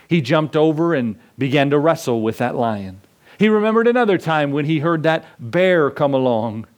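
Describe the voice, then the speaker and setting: A male pastor preaching a sermon, building emphasis through repeated lines and dropping low on key words. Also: a little mellow. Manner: preacherly, rising and falling emphasis; repetitive emphatic lists.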